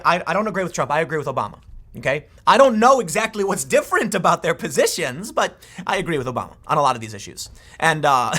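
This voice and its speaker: A man's voice: on the high side, bright, forceful tone. A man giving an unscripted political commentary monologue, opinionated, with mocking asides.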